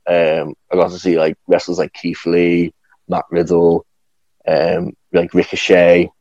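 A man's voice: sits low, completely flat delivery, measured pace, darkish tone, no echo, highs cut off. A young man chatting casually as a podcast guest, rambling with lots of fillers and restarts. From England. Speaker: guest, professional wrestler.

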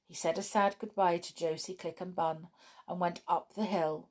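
A woman reading a children's story aloud in a gentle, expressive way. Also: fairly low pitch, moderate pace.

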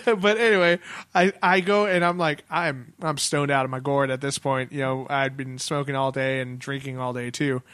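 A man's voice: mid-range voice, little pitch movement, moderate pace, fairly bright tone, no room sound, studio quality. A man, hosting a podcast and telling rambling stories with frequent laughter in casual chat. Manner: laughs often, loose rambling storytelling. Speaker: podcast host.

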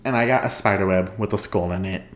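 A man with a somewhat low voice talks loosely on his podcast, wandering off topic and breaking into laughter. He is recorded at home, and the room's echo hangs around his words. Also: fast. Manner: chatty, rambling, laughs often. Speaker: podcast host. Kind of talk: casual chat. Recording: echoey room.

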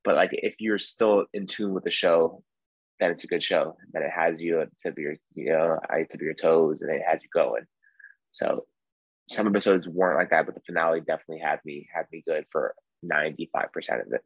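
A man's voice: extremely low pitch, a little fast, slightly rough, dry recording, low-quality recording. A man from the United States, a guest on a podcast, chatting in an easygoing, rambling way. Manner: easygoing, rambling, filler-heavy. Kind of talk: casual podcast chat.

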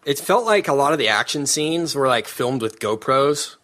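A man with a bright, forward voice hosting a casual film review podcast. He talks in an animated, opinionated way and often laughs mid-sentence, with casual, rambling delivery. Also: medium pitch, moderate pace. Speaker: podcast host. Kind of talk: casual movie review chat.

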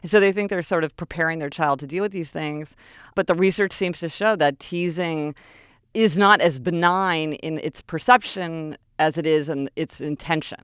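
A woman's voice: low-pitched, normal speed, smooth, no room sound, studio quality. A woman co-hosting a podcast in casual, thoughtful conversation, sometimes reading passages aloud with emphasis. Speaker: podcast co-host.

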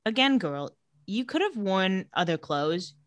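A woman of middle pitch talks through a TV episode in casual chat, jumping her voice up and down as she acts out the characters. The recording is dry and close, with no room sound around her. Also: measured pace, no room sound. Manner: animated, acts out quotes with shifting pitch, laughs often. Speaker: podcast co-host recapping a TV show.

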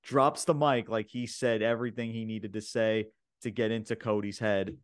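A man recapping wrestling in casual chat, excitable and stumbling over his words as he repeats himself. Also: fairly low pitch, normal speed, clear, resonant tone, dry recording, clean studio sound. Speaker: podcast co-host.

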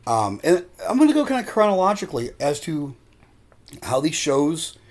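A man hosting a casual podcast, telling stories in an animated way and swearing freely. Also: on the high side, normal speed. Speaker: podcast host.

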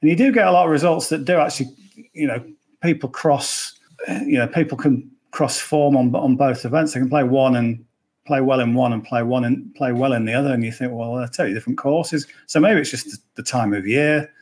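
Chatty English golf betting pundit. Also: male voice, mid-range voice, brisk, darkish tone. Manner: chatty, rambling, jokey asides. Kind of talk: casual podcast chat.

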